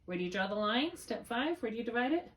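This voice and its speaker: A woman's voice: on the high side, sing-song, quick pace, a bit bright, recorded from a distance. Patient woman tutor, slightly off-mic. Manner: patient, thinking aloud step by step. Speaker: reading tutor. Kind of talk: one-on-one spelling lesson.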